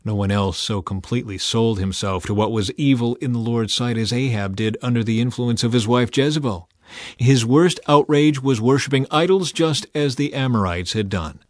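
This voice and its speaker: A man reading scripture aloud in a measured, scripted way, lifting his voice a little for quoted speech. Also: dry recording, studio quality. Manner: measured, quotes read a little higher and louder. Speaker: Bible reader.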